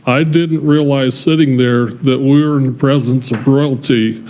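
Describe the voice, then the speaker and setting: A man's voice: medium pitch, fairly even intonation, unhurried, darkish tone. A man speaking as a state representative at a committee hearing, earnest and slightly apologetic. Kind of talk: committee floor remarks. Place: legislative hearing room.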